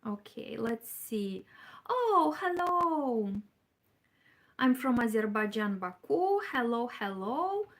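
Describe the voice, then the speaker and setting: A woman from Moldova hosting a knitting livestream in a fairly high voice. She chats with viewers at an easy, slow pace, thinking aloud with fillers and soft laughs. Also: expressive. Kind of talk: casual livestream chat, reading viewer comments.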